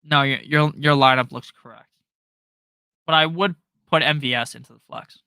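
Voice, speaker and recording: A young man hosting a live fantasy football stream, firing off quick, profane answers to viewer questions from his home setup. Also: on the high side, fairly even intonation, vocal fry, bright, forceful tone, smooth, no room sound. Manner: fast, profane, joking, reads viewer questions aloud. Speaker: fantasy football livestream host. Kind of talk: rapid-fire live Q&A.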